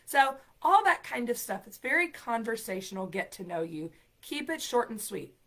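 A woman's voice: fairly high pitch, sing-song, moderate pace, fairly bright tone. Upbeat, encouraging woman teaching live. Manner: talks straight to viewers, reads out comments. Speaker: ESL program coordinator. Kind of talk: live-streamed lesson.

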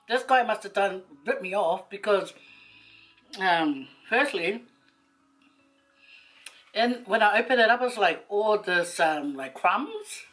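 A woman, a vlogger telling a rambling personal story to camera, chatty and quick to laugh. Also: mid-range voice, fairly bright tone, low-quality recording.

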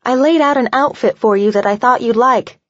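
A woman narrator voicing a friendly, bold young woman in a brisk, playful way. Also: medium pitch, animated, dry recording, lo-fi sound, natural voice.

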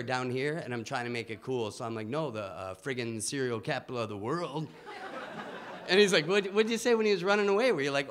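A man from Detroit, hosting a talk show with a stand-up monologue, telling self-mocking stories in an excitable way, tripping over his restarts. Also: fairly high pitch, a little hiss or hum. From Detroit, Michigan. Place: comedy club stage before a live audience. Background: faint audience laughter.

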